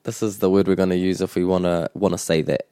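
Man, lowish voice, as a patient language teacher who repeats words slowly. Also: flat delivery, warm tone, smooth, no echo, clean studio sound. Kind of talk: bilingual language lesson chat.

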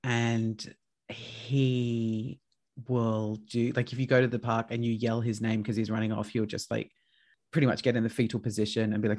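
A man hosting a casual chat, telling lively stories with plenty of swearing. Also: medium pitch, normal speed. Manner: chatty, swears freely, tells animated stories.

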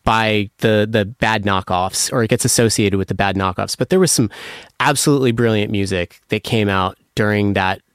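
A man speaks casually in an interview, gushing about music he loves and circling back with many fillers and restarts. His voice is smooth and clear, recorded close in a dry space. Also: fairly low pitch, normal speed, no echo. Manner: emotional, apologetic when moved. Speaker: music producer guest.

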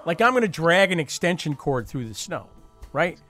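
A man's voice: fairly high pitch, very animated, moderate pace, sharp tone, soft background music. A man hosting a podcast in casual chat, jokey and chatty, with many fillers and restarts. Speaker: podcast host.

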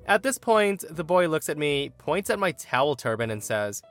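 A man reading a forum story aloud in an animated storytelling manner. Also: fairly high pitch, moderate pace, faint music behind. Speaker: story narrator.

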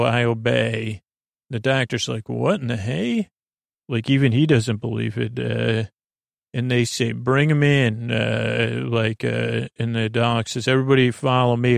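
Gravelly man rambling through a recap. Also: mid-range voice, no echo, clean studio sound. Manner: rambling, many fillers and restarts, quotes characters in his own voice. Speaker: podcast host. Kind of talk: casual episode recap.

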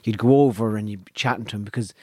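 A man's voice: lowish voice, fairly even intonation, racing, mellow, dry recording, studio quality. A man with an Irish accent chatting casually, rambling and restarting as he tells stories. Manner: rambling storyteller, stammers and restarts, swears. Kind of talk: casual chat.

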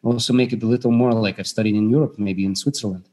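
A man talking as an actor guest in a casual podcast chat, animated, with frequent restarts and fillers. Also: on the low side, quick pace. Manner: animated, many restarts and fillers, jumps into quoted voices.

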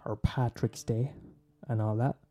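A man's voice: medium pitch, flat delivery, measured pace, mellow. An Irish man hosting a podcast, rambling in a casual monologue, swearing, laughing and teasing his listeners. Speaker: podcast host recommending films.

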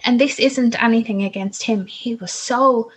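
A woman's voice: a little high, moderate pace, slightly rough, low-quality recording. A young woman candidly telling her own birth story in casual talk, rambling and correcting herself as she goes. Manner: candid, rambling, self-interrupting, with laughs and swearing.

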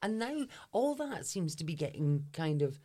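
A woman co-hosting a casual comedy podcast, her voice sitting low but moving with a lot of lift and fall. She talks in a chatty way and is quick to laugh along. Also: sing-song, dark tone. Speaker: co-host. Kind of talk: casual comic chat.

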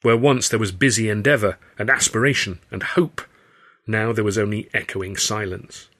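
A man's voice: on the low side, normal speed, a bit bright. A man reading his own novel aloud as narrator, telling the story in a wry, descriptive way. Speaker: author and reader. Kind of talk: scripted audiobook narration.

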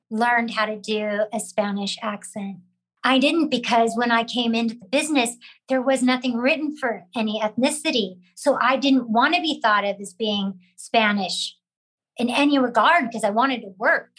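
Candid reflective actress guest, higher voice. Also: female voice, normal speed, fairly bright tone, breathy edge, rough recording. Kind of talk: casual interview chat.

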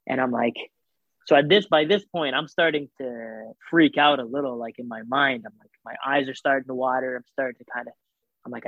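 A man's voice: medium pitch, a little fast, dry recording. Man telling a story over a phone-thin line. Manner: animated retelling with reported dialogue, many fillers. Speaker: guest telling a personal story. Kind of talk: casual conversational storytelling. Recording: thin phone-like dry sound.

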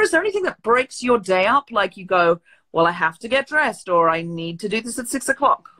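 A woman's voice: medium pitch, lively intonation, fairly quick, pushed and bright. A woman with an accent between British and Australian, hosting a casual video-call chat and teasing her guest. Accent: mix of British and Australian. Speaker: host.

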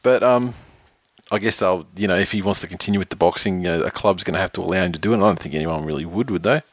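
Aussie podcast guy rambling about footy, low voice, swears a lot, dry close mic. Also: very fast, no echo. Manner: rambling, laughs often, swears. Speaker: podcast co-host. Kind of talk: casual sports chat.

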